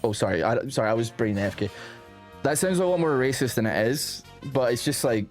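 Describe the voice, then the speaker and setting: A man streaming casual reaction commentary, rambling and joking with plenty of swearing. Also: medium pitch.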